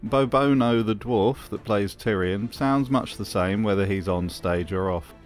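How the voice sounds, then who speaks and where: Male comedic review host: sardonic, mocking, lowish voice. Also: unhurried, soft background music.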